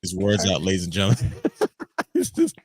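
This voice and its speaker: A man hosting a casual podcast chat, animated and joking as he rants. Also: low-pitched, moderate pace, a loud crowd. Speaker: podcast host.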